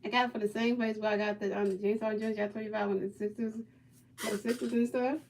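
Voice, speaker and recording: A woman's voice: mid-range voice, little pitch movement, fast talker, a little mellow, slight background noise. A woman hosting a livestream, giving amateur play-by-play commentary in eager, repetitive, rambling calls. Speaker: livestream host.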